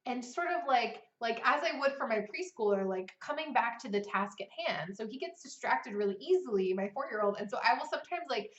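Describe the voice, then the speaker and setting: A woman's voice: a little high, lively intonation, a little fast, few pauses, a bit bright. A woman in her thirties, a writing coach, talking casually and chattily with frequent "like" and "right?". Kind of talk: casual vlog talk. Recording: roomy, slightly dull recording.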